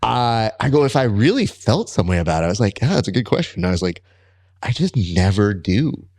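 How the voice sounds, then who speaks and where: An animated man hosts a grappling podcast in a casual interview style, speaking briskly. He tells stories with energy, and his voice jumps high whenever he quotes himself.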